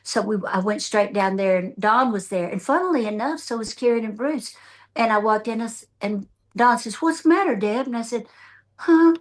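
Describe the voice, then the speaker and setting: A woman's voice: medium pitch, normal speed. An older woman from the United States, a country songwriter and guest, telling a long story in a casual interview, jumping into other people's voices as she goes. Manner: animated, acts out others' voices in her anecdotes. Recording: remote.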